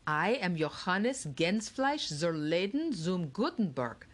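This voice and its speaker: A woman's voice: on the low side, big pitch swings, heavily acted. A woman voicing a jovial, ghostly old German printer with a thick German accent in an audiobook. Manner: slow, hearty, proud. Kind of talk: audiobook narration.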